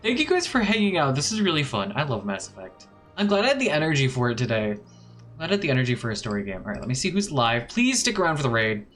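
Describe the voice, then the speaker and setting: A man's voice: mid-range voice, a bit bright. A man streaming a video game live, chatting casually and playfully, humming little filler sounds while he decides what to do. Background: faint background music.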